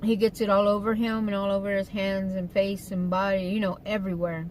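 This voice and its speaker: A woman talks in a loose, rambling way, full of fillers, as she chats to viewers from inside her car. Her pitch sits mid-range. Behind her is a faint hum of car and street noise. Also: level tone, a little fast, a little mellow, low-quality recording. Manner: chatty, rambling, with fillers and asides. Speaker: vlogger. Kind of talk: casual eating-show chat.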